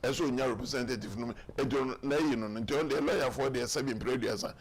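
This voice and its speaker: A man's voice: mid-range voice, quick pace, slightly rough. A man with a Ghanaian accent, talking emphatically in a political talk show discussion. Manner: emphatic, mixing Twi and English, acts out quotes.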